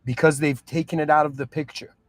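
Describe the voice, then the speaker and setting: Casting: earnest man, slightly high voice, reflective monologue, frequent restarts, dry mic. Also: fairly even intonation, brisk, dry recording. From moved to Canada at seven. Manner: earnest, restarts often, asks "do you understand?". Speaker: podcast host.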